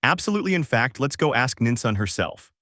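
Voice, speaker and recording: A man's voice: mid-range voice, very animated, fairly quick, bright, forceful tone, no echo, clean studio sound. A man voicing a young white-haired man who is fanatical about heroes, speaking in an exasperated, sighing way.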